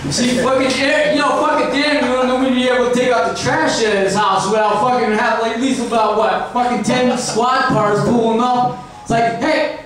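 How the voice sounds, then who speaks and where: High-pitched guy doing dirty stand-up, rambly, super echoey room from far off. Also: steady tone, a little fast, crowd noise. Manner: rambling, crude, keeps asking "right?". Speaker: stand-up comedian. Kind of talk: crude stand-up comedy.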